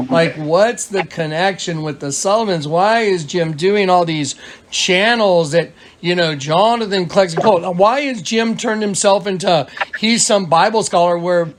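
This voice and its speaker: A man's voice: high-pitched, a little hiss or hum. A man on a phone call, telling a long story in a casual, rambling way, with many restarts and retold quotes. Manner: retells dialogue in quoted voices. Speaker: caller recounting events.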